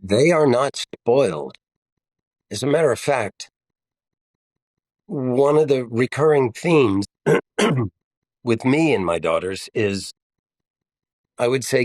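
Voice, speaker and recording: A man's voice: medium pitch, lively intonation, takes it slowly, long pauses, darkish tone, no room sound. An older man talking as an interview guest, blunt and wry, telling stories in a casual way.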